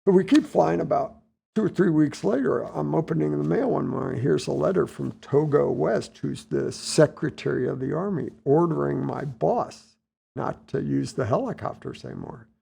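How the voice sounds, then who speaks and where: A man in his sixties from the United States, telling stories in a relaxed interview, acting out what people said. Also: fairly high pitch, normal speed, gravelly, breathy edge. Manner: relaxed anecdotal storytelling, acts out dialogue. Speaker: podcast guest, retired Navy admiral. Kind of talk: casual storytelling interview.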